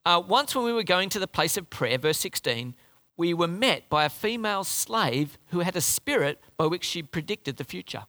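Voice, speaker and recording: A man preaching a sermon in an animated, conversational way, often restarting his phrases. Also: sits high, normal speed.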